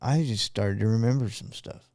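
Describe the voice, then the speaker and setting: A man's voice: on the low side, normal speed, a little mellow, no echo, studio quality. A young man co-hosting a podcast in casual chat, stumbling and restarting his sentences often. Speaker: podcast co-host.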